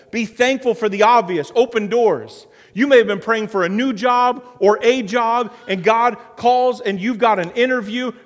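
A man preaching a sermon as pastor, earnest, with a repetitive preaching cadence. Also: extremely high pitch. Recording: long hall reverb.

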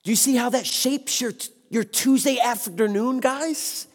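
A man's voice: extremely high pitch, unhurried. A man preaching a sermon with passion, exclaiming and speaking to the congregation. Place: church sanctuary. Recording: long hall reverb.

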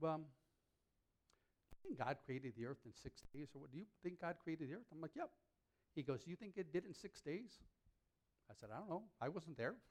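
A man preaching a sermon to a congregation in a church hall, lively and joking, his pitch leaping up on punchlines. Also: gravelly. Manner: animated, jokes with the congregation, pitch leaps up on punchlines.

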